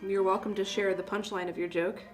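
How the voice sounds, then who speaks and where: A woman's voice: mid-range voice, flat delivery, a little fast. A woman hosting a casual tea livestream, chatty and self-deprecating, laughing at her own jokes. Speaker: tea seller hosting a live stream. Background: soft classical music.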